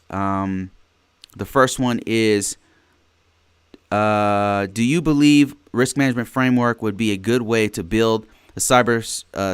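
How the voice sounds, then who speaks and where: A man's voice: medium pitch, fairly bright tone, smooth. A man hosting a live-streamed podcast, talking informally to viewers. He often restarts his sentences and keeps checking in with "right?". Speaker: podcast host. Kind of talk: live-streamed casual talk, reading viewer questions.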